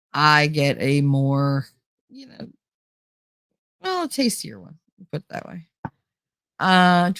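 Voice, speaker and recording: Femme du New Jersey, voix grave et sèche. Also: female voice, fairly low pitch, no room sound, clean studio sound. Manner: laughs often, animated, swears. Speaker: streamer reading chat. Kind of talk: casual chat.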